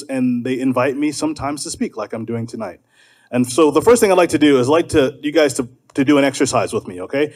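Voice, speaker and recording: A man from South Carolina speaking fervently at a political gathering in a preacher's style, leading the crowd in call and response. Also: mid-range voice. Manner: fervent, leads call and response, shouting refrains. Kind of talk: preacher-like speech to a live audience.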